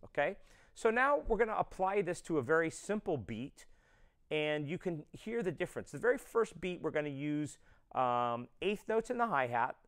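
A man's voice: fairly high pitch, sing-song, moderate pace, a bit bright. A man teaching a drum lesson, explaining step by step and counting beats aloud. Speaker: drum instructor.

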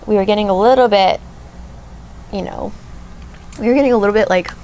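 Chatty woman with a gravelly edge. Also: mid-range voice, fairly quick, dark tone, a little hiss or hum. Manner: rambling, lots of fillers, gushing. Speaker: beauty vlogger. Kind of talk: chatty get-ready-with-me vlog.

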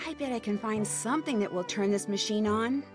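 Actress for a young girl detective in a game, calm and curious, mid-pitched, soft music underneath. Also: fairly quick, close to an everyday voice. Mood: musing. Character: young female amateur detective, curious and determined. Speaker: game character. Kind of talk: scripted game voice acting.

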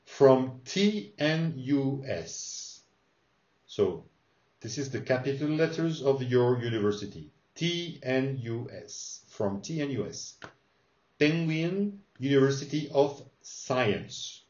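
A man teaching an English lesson, repeating phrases slowly and clearly for learners to copy. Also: medium pitch, lively intonation, darkish tone. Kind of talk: English lesson with pronunciation drills. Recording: roomy, slightly dull sound.

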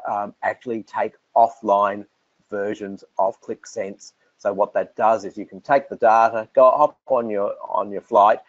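An Australian man explains software features on a webinar in a relaxed way, with frequent fillers and restarts. His voice sits fairly low. The audio is dry and dull, like a lo-fi recording. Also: no room sound. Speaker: software presenter. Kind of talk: answering technical questions on a webinar.

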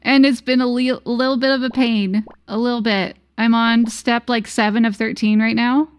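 A woman streamer chatting casually with her viewers during a gameplay livestream, bubbly and quick to giggle. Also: fairly high pitch, steady tone, no room sound, studio quality. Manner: bubbly, giggly, talks to chat.

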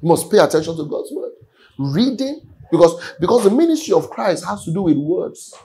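A man's voice: high-pitched, big pitch swings, brisk, mellow, rough recording. A man preaching a sermon earnestly, often repeating his words. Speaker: pastor. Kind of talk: sermon teaching.

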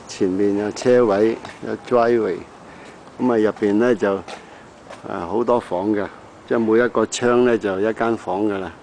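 A middle-aged man casually narrating his own home video outdoors around his house, filling pauses with short "ah"s. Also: lowish voice, darkish tone, slight background noise, rough recording. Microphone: handheld camera.

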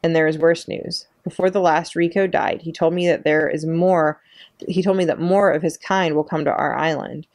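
A woman reading aloud, voicing a gentle, frail female robot who speaks in a measured, earnest way. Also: low-pitched, fairly even intonation, no echo, studio quality. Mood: calm, earnest.

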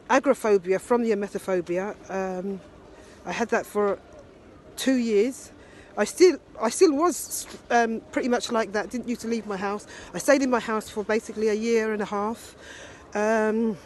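A woman in her fifties recording a personal video diary on her handheld phone, talking in a heartfelt, halting way with many fillers. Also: on the high side, a little hiss or hum. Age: 50s. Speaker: video diarist. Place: ski resort and restaurant abroad.

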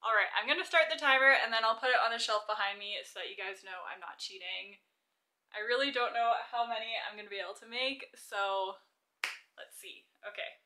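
Bright-voiced young woman, chatty crochet vlogger. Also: medium pitch, fairly quick. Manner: chatty and self-deprecating, laughs often, counts stitches under her breath. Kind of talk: casual chatty vlog while crocheting.

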